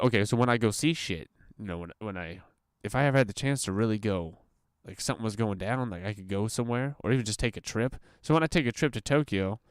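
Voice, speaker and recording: A young man hosting a solo podcast from the floor at home, rambling crudely and profanely, self-mocking and laughing at his own jokes while high. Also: clear, resonant tone, no echo, clean studio sound. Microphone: computer mic.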